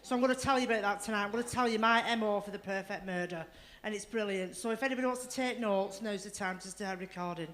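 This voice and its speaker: A woman's voice: mid-range voice, fast talker, fairly bright tone, slight background noise. A woman doing a bawdy stand-up comedy set, swearing freely and laughing through her lines. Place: comedy club stage.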